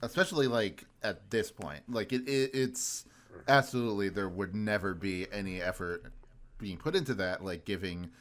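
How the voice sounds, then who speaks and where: A man co-hosting a podcast in casual chat, talking haltingly with many restarts. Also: on the low side, fairly bright tone. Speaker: podcast co-host.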